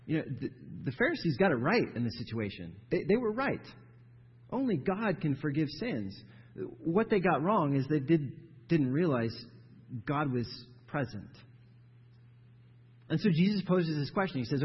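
Husky male pastor, preaching with emphatic, forceful stresses in a reverberant church. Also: mid-range voice, expressive, moderate pace. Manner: emphatic, builds to forceful stressed phrases, repeats words. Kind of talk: sermon. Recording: dull sound with long hall reverb.

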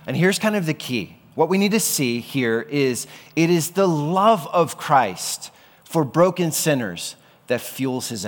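A man preaching a sermon as pastor, conversational and often asking his listeners questions. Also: on the high side. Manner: conversational, asks the audience questions. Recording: long hall reverb.

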